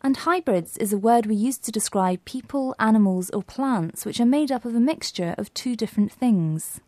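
A woman with a mellow, warm tone hosts a scripted lesson, asking quiz questions and explaining terms clearly. The recording is dry and close. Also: on the high side, moderate pace, no echo. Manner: clear, quizzing. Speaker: co-presenter. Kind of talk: scripted educational podcast.

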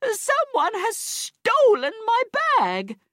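A woman voicing a rich older woman who screams and shouts in panic, her voice pushed far above her own. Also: very high voice, huge pitch swings, slow, no room sound, clean studio sound, voice pushed up, full character voice. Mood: shrieking panic. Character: rich old woman screaming about stolen bag.

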